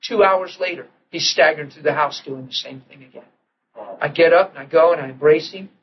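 Male preacher, fairly high voice, storytelling sermon with repeated restarts, dull recording. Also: brisk, a little hiss or hum. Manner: animated storytelling, repeats and restarts, drops to soft tones for quoted prayers.

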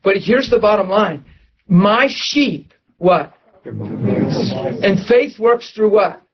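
A man preaching to a church audience, telling a story with lively laughter and excited outbursts. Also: high voice, extremely slow, lo-fi sound, crowd noise. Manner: animated, laughing, voice jumps up when excited. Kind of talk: storytelling sermon.

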